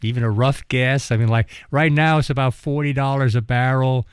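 A man with a smooth, clear mid-pitched voice, recorded close and dry. He asks his questions in a searching way, with plenty of fillers. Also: fairly even intonation, moderate pace, dry recording. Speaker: radio host. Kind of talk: radio interview.

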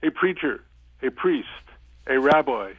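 A man's voice: medium pitch, lively intonation, breathy edge, no room sound. A man calling into a radio show, blunt and opinionated, speeding up when he argues. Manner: blunt, opinionated, talks fast when arguing. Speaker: caller. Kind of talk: call-in radio talk. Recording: tinny phone line.

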